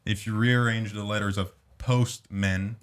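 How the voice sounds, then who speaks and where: A man hosting a casual podcast chat, reading dark jokes aloud, laughing and swearing freely. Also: fairly low pitch, fairly even intonation, unhurried. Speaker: podcast host.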